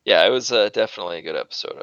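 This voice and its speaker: A man's voice: fairly low pitch, very fast, fairly bright tone, clean tone, no room sound, muffled recording. A man co-hosting a podcast in casual chat, laid-back, swearing and laughing often. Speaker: podcast co-host.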